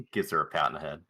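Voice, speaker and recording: A man at the gaming table describes his character's actions and sorts out details, fumbling his words as he goes. His voice is very deep yet bright and forceful. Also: gravelly, husky. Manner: fumbling, explaining. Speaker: player. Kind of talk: tabletop role-play.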